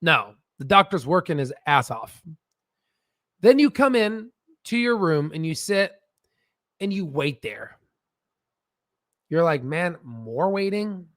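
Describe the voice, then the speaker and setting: A man's voice: a little high, big pitch swings, slow pace, pauses often, fairly bright tone, no room sound, studio quality. A man hosting a stock research channel, explaining in a rambling, profane, casual way and laughing at his own jokes, talking from a standing desk.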